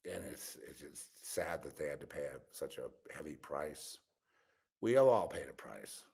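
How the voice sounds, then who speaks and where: Deep, husky-voiced male host, tired and exasperated, rambles in a meandering monologue and mutters asides. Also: lively intonation, normal speed, a little mellow. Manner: meandering, musing, drops into low mutters and whispers; weary, exasperated. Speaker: channel host. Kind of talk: rambling spiritual and political monologue.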